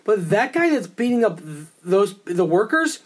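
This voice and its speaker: A man's voice: sits high, sing-song, normal speed. A man co-hosting a casual film-review chat, loose and joking, swearing freely. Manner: loose, joking, swears, does silly voices. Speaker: podcast co-host reviewing a film.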